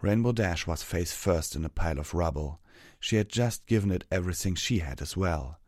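A man reading a fantasy story aloud as narrator, steady and measured. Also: sits low, no room sound, clean studio sound.

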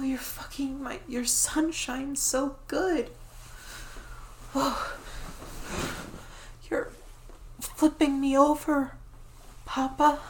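A young woman voicing a devoted, eager dog-girl pet in a whispered role-play, breathy and pleading. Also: high voice. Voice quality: breathy, soft and hushed. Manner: pleading, affectionate and clingy. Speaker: voice actor.

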